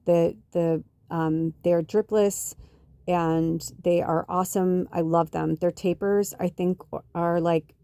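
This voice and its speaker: A woman podcast host telling a rambling personal story in a casual, chatty way, full of fillers and excited quoted lines. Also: fairly low pitch, takes it slowly, clear, resonant tone, no room sound. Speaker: podcast host and spiritual medium.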